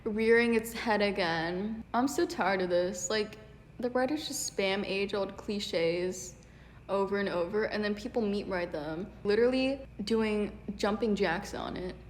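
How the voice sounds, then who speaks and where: A woman's voice: mid-range voice, measured pace, a little hiss or hum. A woman giving a ranting video commentary, exasperated and sarcastic. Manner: exasperated, sarcastic, many "like" fillers. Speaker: video essayist. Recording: echoey room with long reverb.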